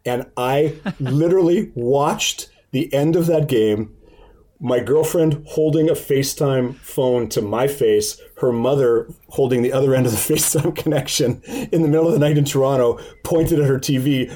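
A man telling a story in casual chat, animated, swearing and laughing often. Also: medium pitch, moderate pace.

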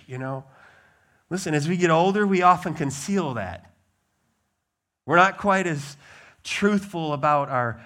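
A middle-aged man preaching a sermon as pastor, swinging from loud emphatic declarations to quiet conversational asides. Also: a little high.

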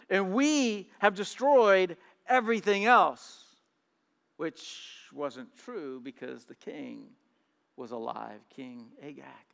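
A man preaches a sermon, reading scripture and explaining it, swinging between hushed, trailing lines and loud, emphatic reading, and sometimes stammering on repeated words. His high voice is clear and resonant, with a big-room sound.

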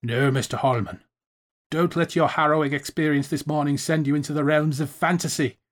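A man's voice: on the high side, steady tone, a little fast, lightly acted. A man putting on a scornful professor. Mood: scornful lecturing. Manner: scornful, talking down. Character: stern dismissive male professor, lecturing.

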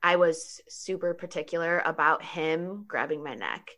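A woman telling a personal story in casual conversation, animated, laughing often and saying 'like' a lot. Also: low voice, normal speed.

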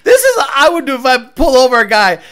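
A man's voice: very high-pitched, animated, fast talker, pushed and bright. A man hosting a casual reaction video, rambling and joking in a crude, profane way. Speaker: host.

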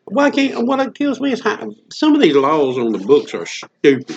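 A man's voice: high-pitched, wildly swooping pitch, normal speed, gravelly, a little hiss or hum. A man in casual comedic chat, rambling through jokey stories with Southern slang. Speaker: co-host. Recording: dull lo-fi recording.

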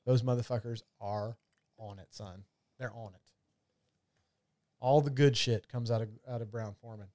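A man's voice: mid-range voice, fairly even intonation, normal speed, pauses often, a little mellow, dry recording, studio quality. A man chatting casually about whiskey and gin, rambling and swearing freely. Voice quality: loose, profane, rambling delivery. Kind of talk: casual chat.

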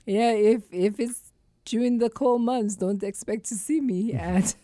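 A woman's voice: on the high side, unhurried, dark tone, dry recording, clean studio sound. A woman from Saint Lucia, a guest on a podcast, chatting casually and laughing often as she acts out little scenes. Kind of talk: casual chat.

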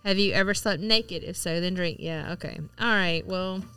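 A woman chats casually as a podcast co-host, her voice bright and smooth, with faint music in the background. She talks freely, laughs often and swears without a second thought. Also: on the low side, normal speed. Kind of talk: casual chat.

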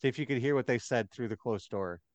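A man narrating as game master, halting and full of fillers. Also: medium pitch, dry recording.

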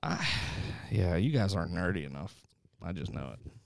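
A man's voice: sits low, normal speed, creaky, no room sound, studio quality. A man co-hosting a podcast, in casual banter, joking and swearing freely. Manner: profane, joking, animated. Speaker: podcast co-host.

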